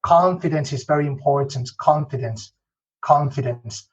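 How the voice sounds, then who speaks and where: A man's voice: a little high, normal speed, a little mellow, slightly rough. Man, Spanish accent, chatty guest, restarts a lot, dull lo-fi recording. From Spain. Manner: peppers talk with "okay?" and "you know", frequent restarts. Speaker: podcast guest. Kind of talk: casual interview storytelling.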